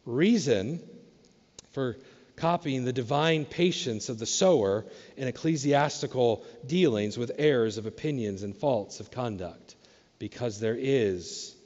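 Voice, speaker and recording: A man's voice: mid-range voice, a little mellow, in a large hall, dull audio. A man preaching a sermon as pastor, speaking with animation and acting out questions in a raised voice. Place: church sanctuary.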